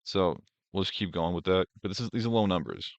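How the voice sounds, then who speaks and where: A man's voice: low voice, fast, no room sound. A young man hosting a casual reaction stream, rambling and profane, mocking what he watches with lots of filler words. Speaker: streamer host. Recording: dry, dull lo-fi stream audio.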